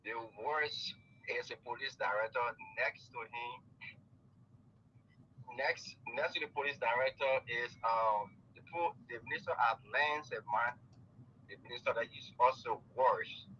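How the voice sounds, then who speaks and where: A man calling in to a talk show, courteous and deliberate as he lists his complaints. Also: mid-range voice, sharp tone. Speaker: caller. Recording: dull phone line with faint noise.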